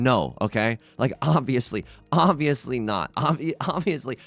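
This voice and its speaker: A man's voice: medium pitch, lively intonation, moderate pace, creaky, hardly any pauses, fairly bright tone. A young man casually commenting on his own game play, rambling and self-mocking with frequent restarts. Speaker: let's play host.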